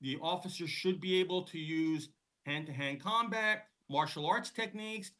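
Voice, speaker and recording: A man's voice: a little high, moderate pace, pushed and bright, rough recording. A man giving firm, blunt public comment at a police commission meeting.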